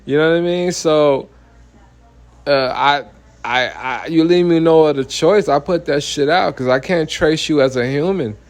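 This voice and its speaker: A man's voice: a little high, unhurried. A man, a minister giving a heated, blunt personal testimony full of profanity and repeated "you know what I mean".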